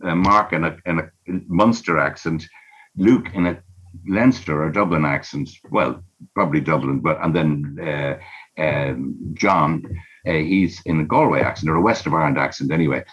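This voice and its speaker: Deep husky guy narrator, stumbles and restarts, dull lo-fi audio. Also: moderate pace, fairly bright tone. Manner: stammering restarts, storytelling energy. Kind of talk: animated interview talk. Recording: dull lo-fi sound.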